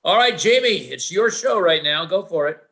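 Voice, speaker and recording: A man hosting an online folk festival session, handing over to each singer in a relaxed, friendly way over a video call. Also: high-pitched, normal speed. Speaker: festival host. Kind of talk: emceeing an online song session.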